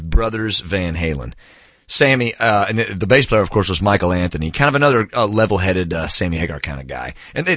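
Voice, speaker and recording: A man in his forties gives a casual spoken book review, his voice low-pitched yet bright and forceful. He tells stories with big enthusiasm and acts out the quotes. The sound is close and dry, with no echo.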